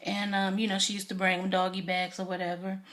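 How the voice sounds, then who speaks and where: Woman vlogger, casual TV recap, talkative and excited, frequent ums. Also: mid-range voice, a little fast, a little hiss or hum. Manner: chatty, enthusiastic, filler-heavy. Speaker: YouTube TV recap reviewer.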